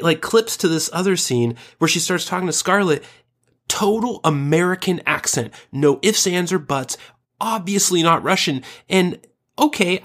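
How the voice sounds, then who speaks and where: Animated, crude-joking man on a podcast. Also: a little high. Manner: crude, joking, animated when making a point. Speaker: podcast co-host. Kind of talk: casual podcast chat.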